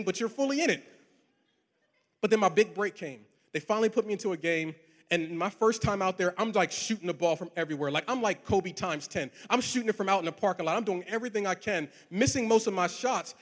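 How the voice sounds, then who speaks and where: Animated high-voiced man preaching in a hall. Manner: animated, playful, talks to the crowd, repeats words. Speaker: pastor. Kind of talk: sermon with personal stories. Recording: long hall reverb.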